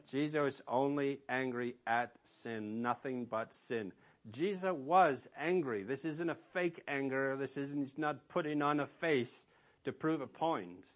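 A man's voice: mid-range voice, unhurried. A man preaching a sermon as pastor, emphatic and asking rhetorical questions of his listeners.

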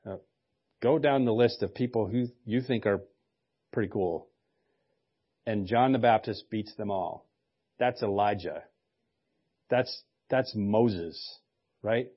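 A man's voice: fairly low pitch, takes it slowly, long pauses, breathy edge, muffled recording. A male pastor preaching a sermon in a conversational way, with joking asides.

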